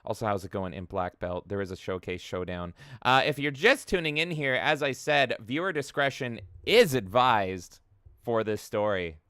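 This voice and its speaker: A man co-hosting a podcast in casual chat, chatty and animated as he reads out posts. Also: medium pitch, normal speed, clean tone, dry recording, clean studio sound. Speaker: podcast co-host.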